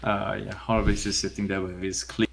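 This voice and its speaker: A man plays a horror tabletop game, speaking casually with pauses and restarts. His voice sits on the low side. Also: level tone, creaky, slight background noise. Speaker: player. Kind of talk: tabletop role-play.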